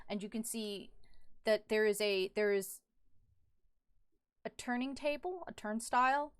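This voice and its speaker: A woman's voice: mid-range voice, measured pace, clear, resonant tone. Giggly woman narrating as game master. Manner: playful, giggly, with sound effects. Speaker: dungeon master.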